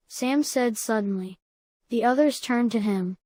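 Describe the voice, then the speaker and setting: A woman narrating a storybook in a plain, even reading voice, close to the mic. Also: a little high, unhurried, dry recording. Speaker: audiobook narrator.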